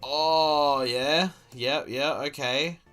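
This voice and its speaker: A man's voice: on the high side, fairly even intonation, very slow, fairly bright tone, faint music behind. A man with an Australian accent giving a profane, exasperated running commentary as a streamer reacting to a video. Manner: exasperated, sweary, incredulous.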